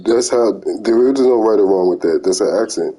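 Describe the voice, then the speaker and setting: A laid-back man chats casually, dropping slang and swearing. His voice is low, mellow and a little husky. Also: brisk, poor audio. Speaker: conversation partner. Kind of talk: casual chat.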